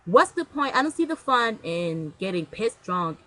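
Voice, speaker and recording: A woman's voice: mid-range voice, big pitch swings, normal speed, a bit bright, rough recording. A young woman vlogging to her camera in casual chat, blunt and slangy, rambling with restarts.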